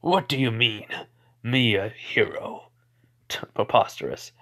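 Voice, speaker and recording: A man voicing a scheming older male supervillain, speaking in a measured, subdued voice. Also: medium pitch, fairly bright tone. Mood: uneasy.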